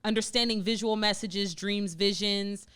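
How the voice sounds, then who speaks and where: A woman co-hosting a laid-back podcast conversation, her voice smooth and clean. She talks in an animated, expressive way, full of casual slang and lively storytelling. Her pitch sits in an ordinary middle range. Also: moderate pace. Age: adult with a young daughter. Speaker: podcast co-host. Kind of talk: casual chat.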